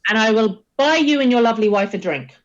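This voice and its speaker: A woman's voice: a little high, expressive, fast talker, lo-fi sound. A woman playing a tabletop game, haggling hard in character in a blunt, insistent, exasperated way. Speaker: player.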